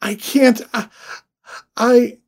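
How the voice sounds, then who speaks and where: A man voicing a badly injured, trapped wife who pleads in a breathless, halting voice. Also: sits high, animated, darkish tone, husky, voice pushed up, full character voice. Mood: panicked.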